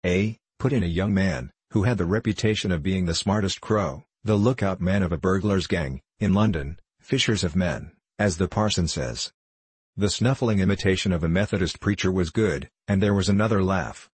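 Deep, husky-voiced man reading a story. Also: a little fast, no echo. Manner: steady storytelling, dropping into rough convict voices for dialogue. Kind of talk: audiobook narration with character voices.

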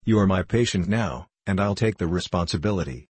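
A man voicing a kindly, hearty middle-aged doctor uncle in an audiobook, speaking with warm, tender feeling. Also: low voice, fairly quick, breathy edge, dry recording. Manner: warm, hearty, occasionally bursting out. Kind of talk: audiobook character reading.

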